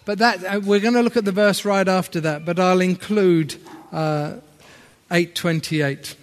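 A man's voice: sits high, fairly even intonation, measured pace. A middle-aged man with a northern English accent preaching a sermon, chatty and self-deprecating, with asides to the congregation. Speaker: visiting preacher. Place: church hall. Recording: long hall reverb.

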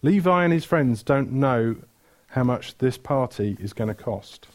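A man's voice: mid-range voice, animated, a little slow, darkish tone. A man preaching a sermon, retelling stories with energy, asking the room questions and correcting himself mid-flow.

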